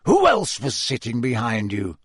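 A man voicing a grim, brooding adult wizard in a storybook reading, speaking low, slow and bitter. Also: wildly swooping pitch, husky, no echo, clean studio sound, exaggerated voice.

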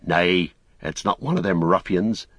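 A man voicing a blunt, excitable middle-aged hobbit farmer with rustic speech, in a storybook reading. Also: low voice, measured pace, slightly rough, dry recording, clean studio sound, full character voice. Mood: suspicious.

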